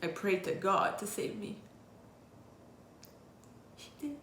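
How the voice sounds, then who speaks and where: A woman speaks in a confessional vlog, telling her own story plainly and bluntly and swearing freely. Her voice sits at an ordinary middle pitch. The room gives the sound a noticeable echo, with a faint hum of noise behind it. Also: lively intonation, slow pace, a bit bright. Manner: candid and raw, with blunt swearing. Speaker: vlogger. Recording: roomy echo.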